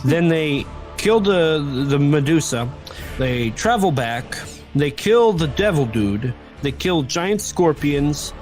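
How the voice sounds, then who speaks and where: A man's voice: on the high side, lively intonation, slow pace, darkish tone, faint music behind. A man co-hosting a podcast, giving a rambling, jokey plot recap in casual chat. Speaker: podcast co-host.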